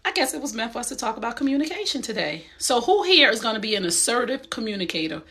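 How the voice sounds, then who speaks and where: Bright-voiced New woman, emphatic. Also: fairly high pitch, sing-song, fast talker, husky. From Essex County, New Jersey. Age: middle-aged. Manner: direct and emphatic, streetwise. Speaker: host. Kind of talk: motivational talk.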